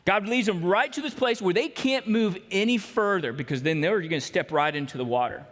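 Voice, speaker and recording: In a church sanctuary, a male pastor with a high, expressive voice preaches briskly, voicing the characters in his stories as he tells them. The sound is a bit bright, with a long reverb tail.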